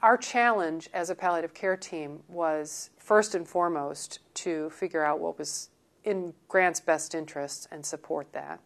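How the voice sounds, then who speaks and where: A woman on a palliative care team explaining her team's goals in a measured way. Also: sits low, gravelly. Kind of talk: documentary interview.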